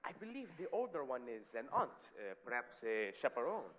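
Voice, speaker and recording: A man's voice: medium pitch, very animated, moderate pace, fairly bright tone, slight background noise. A man playing a polite young immigrant. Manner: polite, reserved, translating. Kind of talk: musical theatre acting.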